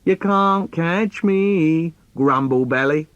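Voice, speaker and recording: A man's voice: a little high, takes it slowly, no echo, highs cut off, pitched above the performer's own voice. A man voicing a cheeky little boy who taunts in a sing-song chant, in a dry, close recording. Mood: teasing.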